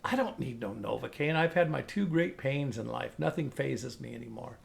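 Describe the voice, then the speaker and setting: A man voicing an excitable, stubborn male duck hunter who pleads and insists. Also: medium pitch, moderate pace, creaky, pitched below the performer's own voice.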